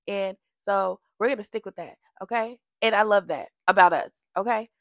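A woman giving a casual, sassy recap of a reality TV show, animated and full of slang, jumping between topics. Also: medium pitch, moderate pace, no echo.

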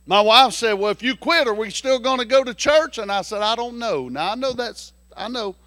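High-voiced pastor preaching. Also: male voice, moderate pace, no echo. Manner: folksy storytelling, swings from hushed to shouting. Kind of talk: sermon.

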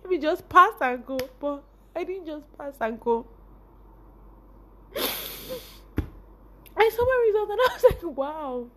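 Emotional young Nigerian woman, high voice. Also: expressive, unhurried, long pauses. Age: young adult. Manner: laughs often, voice rising and breaking with emotion. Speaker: vlogger. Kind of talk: emotional personal storytelling.

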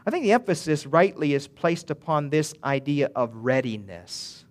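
A man's voice: fairly high pitch, very animated, moderate pace. A male pastor preaching a sermon in an earnest way, building to emphatic swells and often restarting his phrases.

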